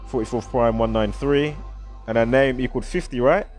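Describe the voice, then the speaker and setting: A man's voice: mid-range voice, moderate pace, a little mellow, soft background music. A man with a British accent, rambling through a casual vlog commentary and reeling off strings of numbers. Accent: British English. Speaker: vlogger.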